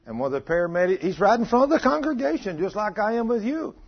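A man preaching a storytelling sermon to a congregation, moving from hushed asides to loud pleading quotes. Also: high-pitched, animated, quick pace, slightly rough, muffled recording. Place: church before a congregation.

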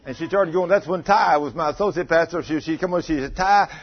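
A man's voice: a little high, fairly quick, husky. A man preaching a sermon as pastor, telling folksy stories and teasing his congregation. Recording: dull lo-fi sound.

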